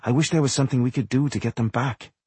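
A man voicing a friendly, caring young woman blacksmith in a storybook reading, speaking gently. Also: mid-range voice, fast, breathy edge, no room sound. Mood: sad.

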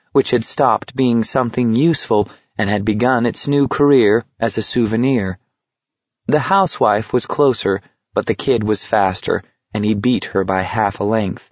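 Male audiobook narrator, low, dry voice, dull recording. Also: dry recording. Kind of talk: scripted narration. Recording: dull, slightly muffled.

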